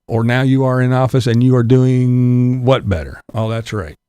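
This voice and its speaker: A man's voice: medium pitch, normal speed, dark tone, clear, resonant tone, no room sound. A man delivering an angry, profane political rant with blunt sarcasm. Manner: angry, blunt, heavy swearing, sarcastic laughs. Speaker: political commentator vlogger.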